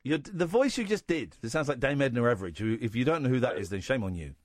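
A man hosting a radio phone-in, teasing a caller and quick to laugh. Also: medium pitch, animated, dry recording, clean studio sound. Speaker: radio host. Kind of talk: phone-in banter. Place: radio studio.

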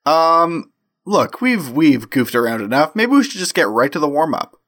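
A man hosts a comedy podcast, goofing around and running quiz games in casual chat. His voice sits on the high side with big pitch swings, a fairly bright tone and normal speed.

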